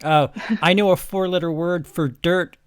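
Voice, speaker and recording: A man co-hosting a comedic reading, voicing character lines with deadpan delivery and stumbles. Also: on the high side, moderate pace, smooth, no room sound, clean studio sound. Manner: reads lines deadpan with frequent laughs and stumbles.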